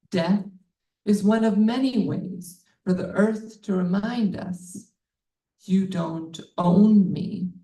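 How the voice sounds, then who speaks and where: A woman reads her own literary prose aloud in a slow, mellow voice, deliberate and earnest, with occasional casual asides. Her voice is recorded from a distance in a roomy bookstore space. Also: medium pitch. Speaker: author. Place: bookstore event.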